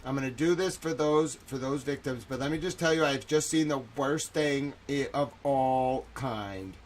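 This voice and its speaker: A man's voice: medium pitch, normal speed, a little hiss or hum. A man hosting a live stream as a reporter, distressed and talking into his microphone, repeating phrases and stammering. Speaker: livestream host and reporter. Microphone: studio microphone.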